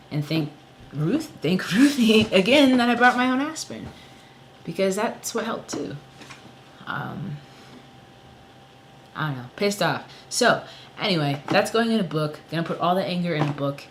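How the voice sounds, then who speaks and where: A somewhat high-voiced songwriter swears his way through a heated, casual vlog rant stuffed with "like" and "you know." Slight background noise and poor audio quality mark the recording.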